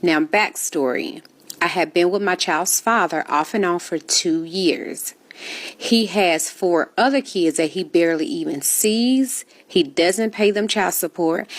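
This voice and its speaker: A woman reads out a personal confession story in a flat, matter-of-fact manner. Her voice sits a little low for a woman. She keeps the telling plain and unhurried. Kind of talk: reading a written confession story.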